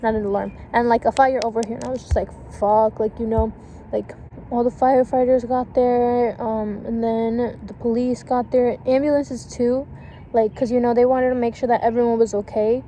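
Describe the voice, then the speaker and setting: A woman's voice: a little high, steady tone, normal speed, warm tone, poor audio. A young woman casually telling a storytime vlog, swearing a lot and filling her talk with "like" and "and shit.". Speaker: vlogger. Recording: faint background noise.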